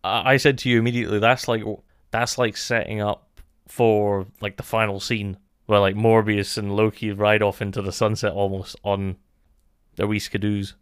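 A man talks through a show review in a loose, musing way, stacking "like" between his thoughts. His voice is smooth and clear. The sound is dry and close, with no room echo. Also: lowish voice, flat delivery, normal speed. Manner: thoughtful, musing, many "like" fillers. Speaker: podcast co-host. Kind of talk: casual review chat.

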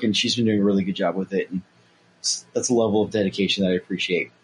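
A man co-hosting a podcast, talking in a relaxed, conversational way. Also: deep voice, fast, a little hiss or hum, poor audio. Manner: relaxed and conversational, says "dude". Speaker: podcast co-host. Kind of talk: casual chat.

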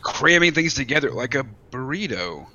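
A man's voice: medium pitch, sing-song, moderate pace, sharp tone, lo-fi sound, slight background noise. A man in casual chat, tossing in dry, sarcastic jokes.

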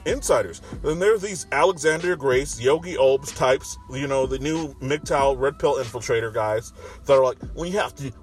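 Casting: man, casual commentary vlogger, swears freely, rambles, recorded in a parked car, faint music behind. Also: mid-range voice. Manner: profane, rambling. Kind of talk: casual monologue. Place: parking garage with construction nearby.

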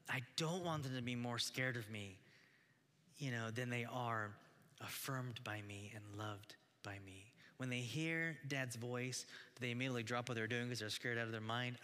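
Pastor guy in his 30s preaching to dads, bright voice, earnest, lots of restarts, big hall echo. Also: medium pitch, a little fast. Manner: earnest, exhorting, with many restarts. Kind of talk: sermon. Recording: long hall reverb.

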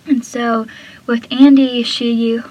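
A woman's voice: a little high, little pitch movement, slow, a little mellow, muffled recording. A woman casually recapping a TV episode, retelling scenes loosely and saying "like" and "I feel like" a lot. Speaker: show recap podcaster.

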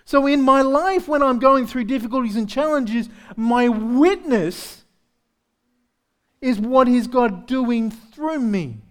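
Male pastor with a high voice, preaching conversationally, blunt and self-deprecating, keeps asking the room "right?". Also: expressive, slow pace, fairly bright tone. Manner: candid, self-deprecating humor. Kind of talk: sermon. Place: church service.

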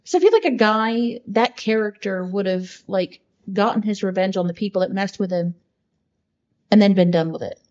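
A woman's voice: medium pitch, normal speed, darkish tone. Woman cohost chatting earnestly, rambly, kinda muffled lo-fi audio. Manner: earnest, heartfelt, rambling with fillers. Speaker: podcast co-host. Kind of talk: casual chat.

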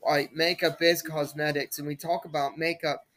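A woman's voice: deep voice, level tone, normal speed, fairly bright tone. A young adult woman hosting her own podcast, talking alone in a rambling, repetitive way with lots of fillers. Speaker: podcast host. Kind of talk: casual solo podcast monologue.

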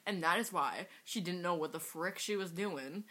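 A woman's voice: fairly low pitch, normal speed, fairly bright tone, husky. A young woman in casual chat, rambling with many fillers and giggling often.

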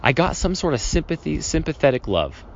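A man's voice: on the high side, very animated, brisk, vocal fry, slight background noise. A man hosting a solo podcast, telling a childhood story in a rambling, self-correcting way and acting out scenes from it. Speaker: podcast host.

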